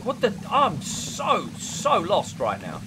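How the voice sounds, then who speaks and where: A man's voice: sits high, wildly swooping pitch, slow pace, noisy background. Jumpy man on lets-play commentary. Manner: jumpy, panics and shrieks at scares. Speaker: gaming YouTuber. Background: game music and sounds.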